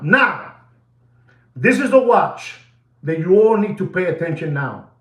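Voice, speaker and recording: A man's voice: high voice, big pitch swings, unhurried, long pauses, muffled recording. Theatrical man in an echoey room. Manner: theatrical, swings from shouting to hushed asides; mixes Spanish phrases into English talk. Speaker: watch market commentator. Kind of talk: animated market update.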